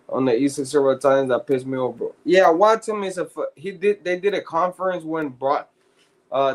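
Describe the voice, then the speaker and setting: A man telling stories in casual podcast chat, profane and slangy, laughing often. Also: a little high. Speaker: podcast co-host.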